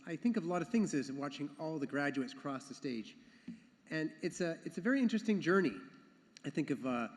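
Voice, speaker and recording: A man speaking as the education council chair at a graduation ceremony, earnest and sometimes repeating himself. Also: fairly high pitch. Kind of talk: ceremony speech. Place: large hall. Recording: long hall reverb.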